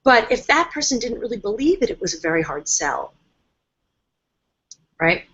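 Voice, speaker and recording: A woman's voice: on the high side, big pitch swings, moderate pace, a bit bright, breathy edge, lo-fi sound. A woman hosting a casual live-stream talk as a coach, chatty and emphatic, often acting out her clients' voices. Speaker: host and coach.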